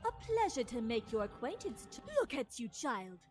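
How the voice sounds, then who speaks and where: A woman's voice: a little high, sing-song, normal speed, over music. An actress playing a genteel noblewoman fixated on manners, speaking in a prim, affected, instructive way. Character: genteel etiquette-obsessed noblewoman.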